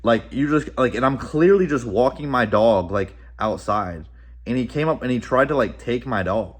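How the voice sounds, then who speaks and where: A young man vlogging from home, telling a story in a rambling, animated way, full of "bro" and "like". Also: medium pitch, normal speed. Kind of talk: casual storytelling vlog.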